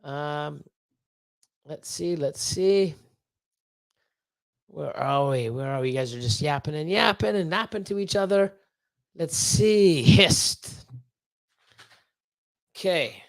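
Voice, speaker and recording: A man hosts a casual livestream in a high, light voice. He rambles and swears, piling up fillers and repeated words. The sound is dry and close, with no room around him. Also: takes it slowly, vocal fry, pauses often, no room sound. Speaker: livestream host.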